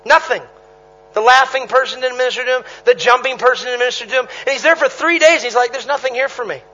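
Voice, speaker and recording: A traveling preacher man with a very high, bright, sharp voice, telling revival stories with punchy repetition and quick laughs. The recording is dull and lo-fi. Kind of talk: sermon.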